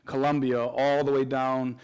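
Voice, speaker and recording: A man's voice: mid-range voice, level tone, normal speed, a little mellow, clear, resonant tone. A man answering interview questions at length in an earnest, explanatory way, often restarting his phrases. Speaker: guest researcher.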